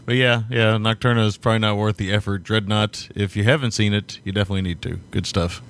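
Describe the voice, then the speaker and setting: Man, low gravelly voice, podcast co-host, casual chat, quick quips. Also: steady tone, a bit bright, slight background noise. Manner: laughs easily, brief quips between voicemails.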